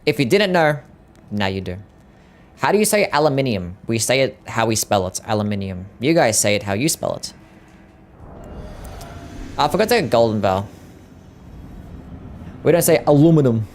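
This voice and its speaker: A man's voice: medium pitch, sing-song, moderate pace, long pauses. A young Australian man with an Australian accent chats casually and swears while he streams a game for his viewers. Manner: laid-back and sweary, chatting to viewers. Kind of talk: casual chat while gaming.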